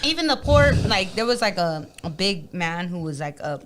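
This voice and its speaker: Profane, animated young woman guest. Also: fairly low pitch, noisy background. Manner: profane, laughing, quick rants. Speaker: podcast guest. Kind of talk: casual chat.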